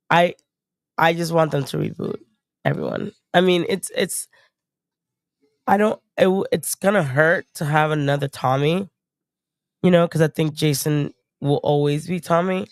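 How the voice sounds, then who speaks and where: A woman's voice: deep voice, measured pace, pauses often, dry recording. Blunt, profane woman chatting, dry close mic. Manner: blunt, profane, animated storytelling. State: recovering from a cold. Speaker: stream guest. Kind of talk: casual chat.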